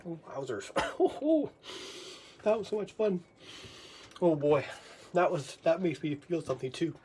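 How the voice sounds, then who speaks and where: A vlogger talking in a loose, rambling monologue, swearing freely and sometimes dropping into soft whispers. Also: mid-range voice, lively intonation, measured pace, a little hiss or hum.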